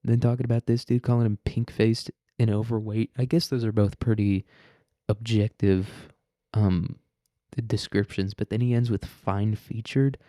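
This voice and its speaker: Brief: casual low-voiced man with a dry close sound, reading a story and mocking it. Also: flat delivery, moderate pace, warm tone, no room sound. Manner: irreverent, profane, laughs often. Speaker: podcast host reading a story. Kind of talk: reading aloud with casual commentary.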